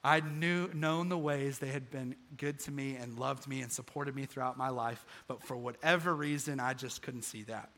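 A man's voice: medium pitch, normal speed, hardly any pauses, fairly bright tone. A young man preaching a sermon to a live congregation, telling a personal story earnestly and building to emphatic peaks. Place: stage in front of a live congregation.

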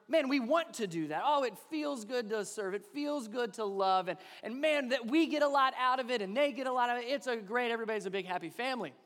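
Male pastor, high-pitched, lively sermon storyteller, congregation call-and-response, reverberant hall. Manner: animated storytelling, acts out phrases, asks congregation to repeat.

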